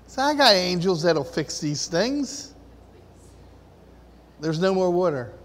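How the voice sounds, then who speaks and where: A man's voice: high-pitched, very animated, slow pace, pauses often. A man in the congregation telling a chatty, casual testimony at a church service. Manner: chatty, laughs through his story. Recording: echoey hall with long reverb.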